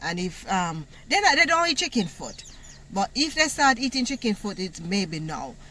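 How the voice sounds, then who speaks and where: Woman, Jamaican accent, casual storytelling, patois words, bright voice, mid-range pitch. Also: moderate pace, a little hiss or hum. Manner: animated, laughs often, uses Jamaican patois words. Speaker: vlogger telling a personal story. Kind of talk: casual story time monologue.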